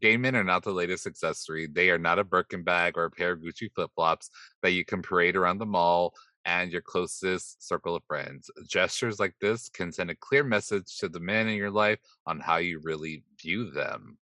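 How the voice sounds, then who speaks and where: A man's voice: sits low, moderate pace, sharp tone, no room sound. A man guest-hosting a podcast, chatting casually with sassy asides and plenty of swearing. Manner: sassy, swears freely, laughs often. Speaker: guest host.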